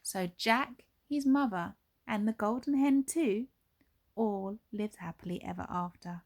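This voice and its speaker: A woman teacher, reading a storybook aloud for young children in a slow, expressive way with dramatic pauses. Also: mid-range voice.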